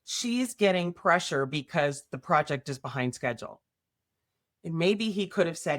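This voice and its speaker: Woman podcast host, slightly low voice, conversational, keeps tagging points with "right?". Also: expressive, slow, a bit bright. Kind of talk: casual podcast explanation with workplace examples.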